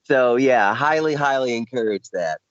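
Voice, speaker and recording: A man's voice: mid-range voice, expressive, moderate pace, dry recording. A male radio co-host in casual chat, joking and musing wryly, over muffled lo-fi radio audio.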